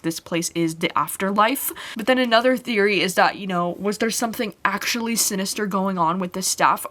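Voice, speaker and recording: A woman's voice: mid-range voice, a bit bright. Emotional young woman gushing about a book. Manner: emotional, gushing, filler-heavy with "like". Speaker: book vlogger. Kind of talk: casual reading vlog review.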